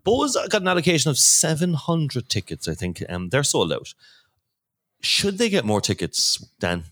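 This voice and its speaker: A man's voice: fairly high pitch, sing-song, normal speed, fairly bright tone. A man hosting a casual football podcast who teases his co-hosts and jokes. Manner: teasing, jokey. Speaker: podcast host.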